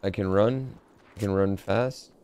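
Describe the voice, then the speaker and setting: A man's voice: on the low side, a little slow, a little mellow, clean tone. A man playing as a teammate in a video game, chatting casually and swearing now and then. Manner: laid-back, swears casually. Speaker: teammate in a battle royale game. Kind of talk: casual gaming chat.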